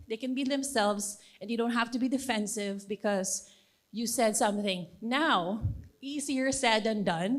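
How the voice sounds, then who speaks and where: A woman's voice: on the high side, fairly bright tone. A woman, giving a conference presentation in a conversational, encouraging way, with plenty of fillers. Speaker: conference speaker.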